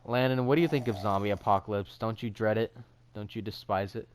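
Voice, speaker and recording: A man's voice: lowish voice, fairly even intonation, brisk, slight background noise. A young man hosting a casual podcast, rambling and laughing often between thoughts. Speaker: podcast host. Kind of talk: casual podcast chat in a VR game.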